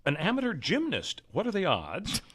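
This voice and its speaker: A man's voice: sits high, normal speed, slightly rough. A man hosting a talk radio show, reading out news stories and chatting with his co-host. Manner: animated, reads news stories aloud with laughter.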